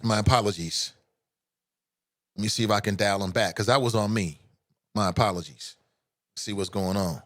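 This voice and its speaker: A man hosting a live call-in radio show, chatting with listeners in an animated, joking way that turns earnest. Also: lowish voice, moderate pace, pauses often, dry recording. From United States.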